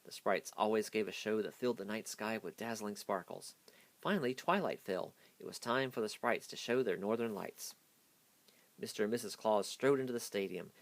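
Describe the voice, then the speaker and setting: Low-voiced man reading a kids' book. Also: animated, normal speed, gravelly, no room sound. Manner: hasty reading. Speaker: storyteller. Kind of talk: reading a children's picture book aloud.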